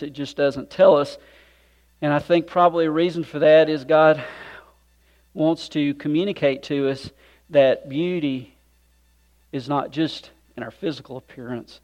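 Dynamic preacher, loud then hushed. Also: male voice, fairly high pitch. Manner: swings from loud emphatic preaching to hushed near-whisper; folksy, conversational asides. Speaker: pastor. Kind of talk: sermon.

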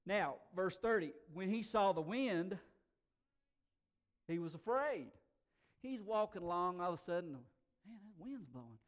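A male pastor preaching a sermon in a conversational way, swinging from quiet asides to loud, emphatic bursts. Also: high voice, measured pace, long pauses. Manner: conversational, folksy fillers.

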